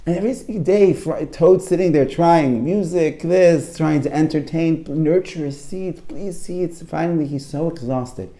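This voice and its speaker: A man's voice: fairly high pitch, normal speed, hardly any pauses. A man and career coach giving a Torah talk to a live audience, telling a story with lots of repeats and restarts. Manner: animated storyteller, repeats phrases, many restarts.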